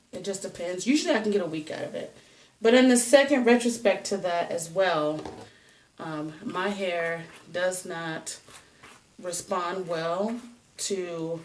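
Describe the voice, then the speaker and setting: Her voice is on the low side and slightly mellow, with a bit of background noise, as this woman walks through a hair tutorial. She chats, meanders and teases herself along the way, and the mic picks her up from somewhat far off.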